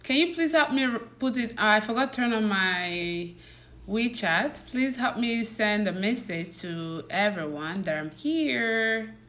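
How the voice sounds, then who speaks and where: A woman's voice: fairly high pitch, animated, measured pace, a bit bright. A woman with a Nigerian accent chatting casually with her livestream viewers, mixing in pidgin and laughing often. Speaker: livestream host. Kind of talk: casual live chat with viewers.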